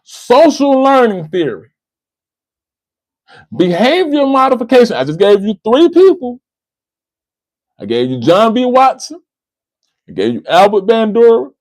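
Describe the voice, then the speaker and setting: Livestream host, American man, high-pitched and insistent, dry close sound. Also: very animated, measured pace, long pauses, darkish tone, no room sound, rough recording. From United States. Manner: emphatic, repeats phrases, addresses a listener by name. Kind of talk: impassioned livestream commentary.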